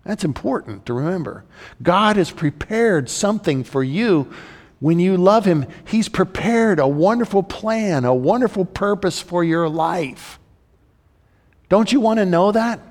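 A man preaching a sermon, slowing down to read scripture aloud and lifting his voice on questions to the congregation. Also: high voice, animated, a little mellow. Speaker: pastor. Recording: long hall reverb.

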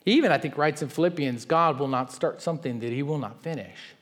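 A man preaching a sermon as a pastor, conversational and animated, acting out quoted voices with big jumps in pitch. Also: quick pace. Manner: conversational with frequent asides and restarts.

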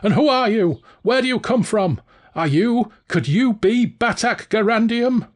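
A man reading aloud and voicing a fanatical pirate leader in a shrill, indignant rant. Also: measured pace. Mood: baffled.

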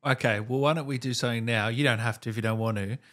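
A man's voice: medium pitch, fairly even intonation, fairly bright tone. Eager Australian male host. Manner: eager, affirming, quick to agree. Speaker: interview host. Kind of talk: casual interview chat.

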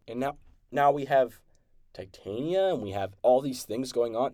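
A man hosting a podcast, excitedly recapping and reviewing an episode in a rambling, casual way with many restarts. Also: mid-range voice, moderate pace, dry recording. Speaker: podcast host.

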